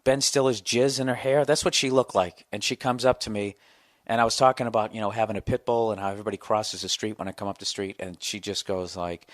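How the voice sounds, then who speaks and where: A man in his forties, a comedian hosting his podcast, telling a long profane story in a ranting, animated way. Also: on the low side, fast, no room sound, studio quality. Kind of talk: casual storytelling monologue.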